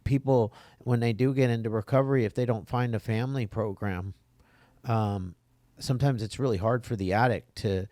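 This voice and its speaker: A podcast host speaks in a mid-range voice, with no trace of room echo. He talks casually and haltingly, restarting and repeating words as he works toward his point. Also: mid-range voice, steady tone, dark tone.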